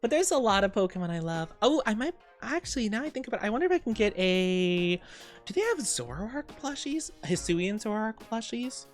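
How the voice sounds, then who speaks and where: Bubbly, lively-voiced young man streamer. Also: high voice, a little fast, soft background music. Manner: bubbly, rambling, giggly, reads chat aloud. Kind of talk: casual live-stream chat.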